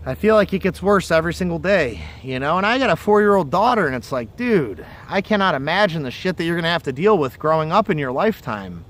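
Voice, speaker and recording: A man's voice: on the high side, big pitch swings, quick pace, few pauses, fairly bright tone. A man hosting a fishing livestream from outdoors by the water, chatting casually and telling stories in a rambling, profane way. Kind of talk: casual chat. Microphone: phone or camera on a livestream.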